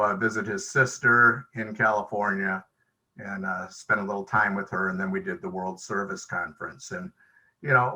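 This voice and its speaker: Man sharing at a recovery meeting on a video call; bright, forward voice; casual storyteller who voices the other people in his stories. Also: mid-range voice, low-quality recording. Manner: conversational, acts out quoted dialogue. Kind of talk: storytelling share.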